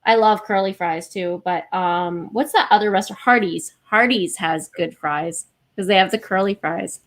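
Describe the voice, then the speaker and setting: A woman's voice: medium pitch, normal speed. A woman from Canada with a General American accent, a guest in a casual live stream chat, giggly and rambling with many restarts.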